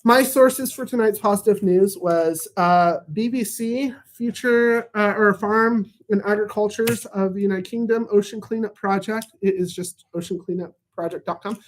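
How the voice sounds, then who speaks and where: A man's voice: sits high, fairly even intonation, moderate pace, hardly any pauses. A man hosting a casual comedic positive-news recap, rambling and jokey. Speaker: host of a weekly positive news show. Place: at home in Tulsa.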